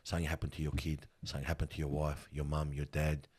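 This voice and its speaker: Speaking quickly with an extremely low, darkish voice that has a breathy edge and barely moves in pitch, a middle-aged man in the funeral business tells heartfelt stories as a guest. He's earnest, emphatic and slangy, and keeps calling his listener "bro."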